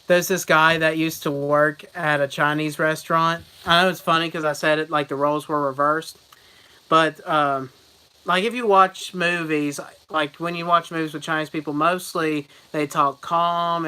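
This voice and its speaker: A young man talking straight to his viewers in a loose, rambling vlog, stacking one anecdote onto the next and laughing at his own jokes. His voice is bright and forward, and he keeps breaking into loud, mocking voices before dropping back to plain chat. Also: a little high, smooth, rough recording. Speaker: vlogger. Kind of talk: casual storytelling vlog.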